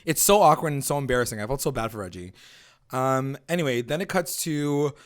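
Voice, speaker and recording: A man's voice: mid-range voice, fairly quick. A man co-hosting a TV recap podcast, chatting loosely and swearing, often acting out the characters' lines. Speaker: podcast co-host. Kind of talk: casual recap chat.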